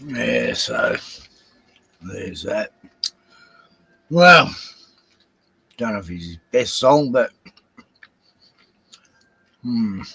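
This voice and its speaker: An older Australian man hosts a casual livestream from home, rambling from one topic to the next and swearing freely. His voice is low, slow and gravelly. The sound is dry and close. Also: huge pitch swings, pushed and bright, no echo, rough recording. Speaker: livestream host. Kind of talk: casual solo livestream chat.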